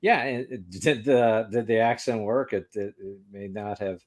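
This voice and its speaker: A man hosting a casual chat, speaking haltingly with many fillers and breaking into laughs. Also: on the low side, a crowd in the background. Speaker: host.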